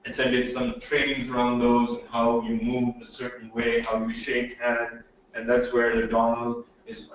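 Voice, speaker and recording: A man teaching presentation skills in a webinar, animated and emphatic, checking in with "okay?" often. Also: medium pitch. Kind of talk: webinar lecture. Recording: very echoey room audio from a distance, faint noise.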